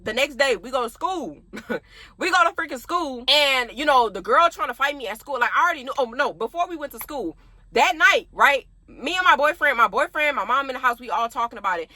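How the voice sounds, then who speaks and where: This young adult vlogger has a high-pitched, animated voice, pushed and bright, and she talks briskly. Telling a story in casual chat, she laughs frequently and speaks right to her viewers. There's no echo.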